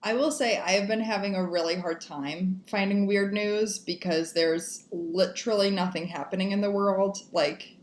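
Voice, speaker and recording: A woman with a mid-range voice co-hosting a podcast in easygoing, playful banter. She teases back quickly and keeps her tone light. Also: mid-range voice, steady tone. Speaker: podcast co-host.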